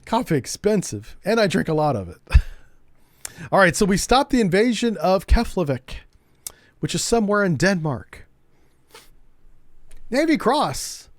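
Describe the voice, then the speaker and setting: A man streaming a game, chatting casually and joking as he thinks out loud. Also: high-pitched, very animated, a little slow, pauses often, no echo, clean studio sound. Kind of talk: casual gameplay commentary.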